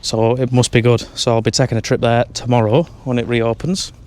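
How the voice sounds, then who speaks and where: This travel vlogger speaks at a medium pitch, brisk and flat, with a slightly mellow tone. He wanders in and out of pubs and along streets with a handheld camera, casually reviewing the pubs and cracking dry jokes.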